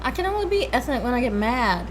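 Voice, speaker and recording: A woman co-host in casual chat, giggly and quick to disagree. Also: a little high, big pitch swings, slight background noise.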